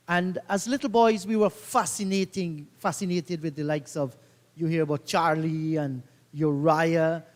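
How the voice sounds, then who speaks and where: A man calls a cricket match in a slightly raised voice, slipping into relaxed, reminiscing anecdotes. His commentary carries a long reverb tail. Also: on the high side. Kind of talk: live cricket commentary with storytelling.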